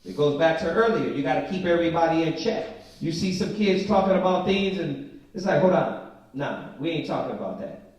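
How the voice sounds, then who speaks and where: A man teaching a Bible study, reading scripture slowly and with emphasis, then breaking into casual, slangy commentary. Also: fairly high pitch, expressive, a little mellow. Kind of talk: informal scripture study sermon. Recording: very echoey room from a distant mic.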